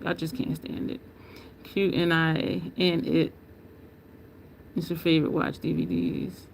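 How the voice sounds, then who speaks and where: A woman's voice: fairly low pitch, animated, unhurried, creaky, a bit bright. A woman hosting a beauty channel livestream, talking in a loose, opinionated, rambling way and answering viewer comments. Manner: loose, rambling, with frequent ums and restarts. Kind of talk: casual livestream chat.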